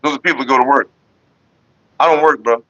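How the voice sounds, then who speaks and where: He speaks fast at a medium pitch, hosting a laid-back vlog out of Northern California where he answers viewers. The talk is rambling and profane, centered partly on staying calm, and the audio is dull and lo-fi.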